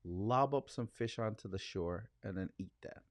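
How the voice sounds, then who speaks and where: A man from Canada co-hosting a podcast, bantering in an expressive, playful, casual way. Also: lowish voice, normal speed, dry recording, clean studio sound. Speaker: podcast co-host. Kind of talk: casual chat.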